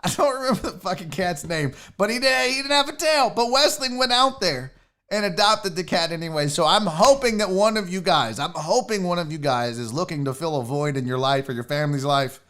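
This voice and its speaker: A male livestream host with a high voice that swings widely in pitch. He rambles through plugs and asides in a loose, jokey manner, cursing casually. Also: lively intonation, fairly quick, a bit bright. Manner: rambling, jokey, swears freely. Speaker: sports show host.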